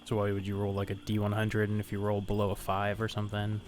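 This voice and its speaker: A man playing a tabletop game, casually thinking out loud. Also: fairly low pitch, monotone, quick pace, faint music behind. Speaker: player. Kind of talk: tabletop role-play.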